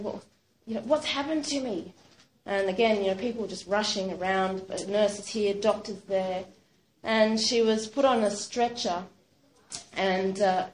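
A woman recounts a story in an animated, casual way, leaning on fillers as she goes. Her voice echoes around a roomy space, with a faint hum behind it. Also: medium pitch. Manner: animated retelling, frequent fillers like "sort of". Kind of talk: spoken storytelling. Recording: roomy echo.

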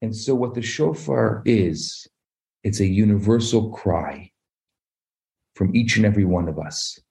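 A man, a rabbi, telling a parable in an animated sermon, acting out the voices of its characters. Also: on the low side, measured pace, creaky. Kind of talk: storytelling sermon.

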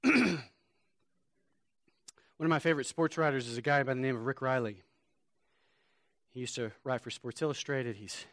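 Man preaching, bright dry voice. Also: medium pitch, dry recording. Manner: swings from loud shouted preaching to soft, quiet storytelling. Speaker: pastor. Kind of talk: sermon.

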